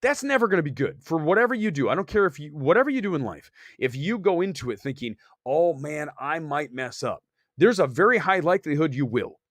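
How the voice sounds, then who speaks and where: Animated, opinionated man hosting a movie show. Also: fairly high pitch, no echo, studio quality. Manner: animated, opinionated, rapid asides to chat. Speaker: host. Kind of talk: casual live-stream film chat.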